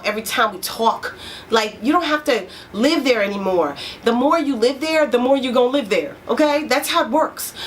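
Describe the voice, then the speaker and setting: A middle-aged woman therapist speaks to her program members with a somewhat high, frank and emphatic voice. She drives home her points by repeating them. A faint hiss sits under the recording. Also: a bit bright. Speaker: therapist and life coach. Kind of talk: motivational talk to program members.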